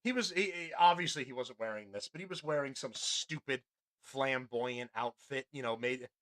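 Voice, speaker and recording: A man's voice: medium pitch, moderate pace, a bit bright. A man hosting a podcast, commenting casually and bluntly on a news clip, with frequent restarts and swearing. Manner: rambling, blunt, profane, many restarts. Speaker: podcast host.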